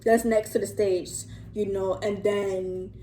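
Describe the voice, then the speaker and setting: Taking her time, a young woman recounts a story for her vlog in a warm, medium-pitched voice with a flat delivery. She talks into her phone casually and rambles, with many fillers and an occasional curse word. The recording picks up an echoey room, faint ambience and slight background noise.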